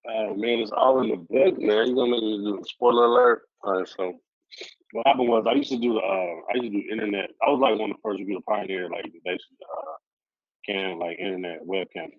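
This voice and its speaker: A laid-back man with a fairly low voice tells stories in blunt street slang and acts out the lines of the people in them. The audio is dry and a little muffled. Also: fast, creaky, no room sound. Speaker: podcast guest. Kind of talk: casual storytelling interview.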